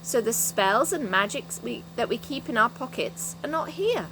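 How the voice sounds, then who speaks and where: A woman reading a storybook voices Mister Whiskers, a thoughtful old man explaining calmly. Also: fairly high pitch, moderate pace, slight background noise, rough recording.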